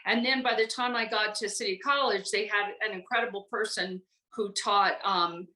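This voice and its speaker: An older American woman recalling her acting career in a relaxed, rambling chat full of fillers. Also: medium pitch, moderate pace, reverberant, rough recording. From United States. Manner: chatty, rambling with many fillers. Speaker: guest voice actress. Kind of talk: casual interview chat.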